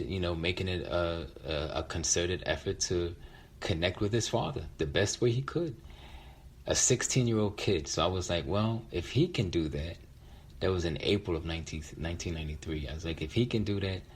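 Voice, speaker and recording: A man telling a personal story in a reflective, halting way with many restarts. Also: low-pitched, husky. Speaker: featured storyteller.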